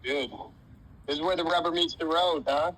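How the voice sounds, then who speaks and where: A man's voice: on the high side, fairly even intonation, normal speed, fairly bright tone, poor audio. A man coaching young wrestlers, telling a folksy story and quizzing his team in a casual, slangy way. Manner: folksy, uses dude and man, voices characters casually. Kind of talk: motivational storytelling talk.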